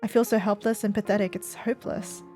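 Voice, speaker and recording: A woman's voice: medium pitch, steady tone, fast, mellow, soft background music, natural voice. A woman voicing a dejected, self-hating teenage boy in a visual novel, speaking in despair. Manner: despairing, hopeless self-loathing. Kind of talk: voiced visual novel reading.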